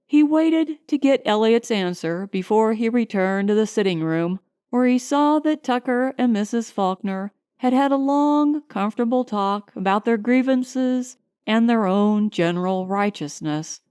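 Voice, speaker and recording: A woman narrating an audiobook in a measured, expressive storytelling manner, recorded at home. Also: fairly high pitch, smooth, no echo, studio quality. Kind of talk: scripted narration.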